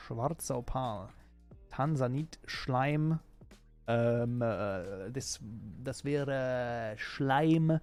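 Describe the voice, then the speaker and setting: A man's voice: mid-range voice, darkish tone. A young man with a German accent, hosting a livestream in a loose, casual chat that is full of swearing and laughter. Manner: talkative, swears freely, laughs often. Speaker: livestream host.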